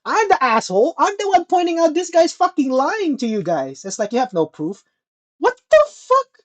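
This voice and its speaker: A man casually telling a story on a podcast, animated and swearing often, acting out the people he quotes. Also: very high voice, brisk. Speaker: podcast co-host.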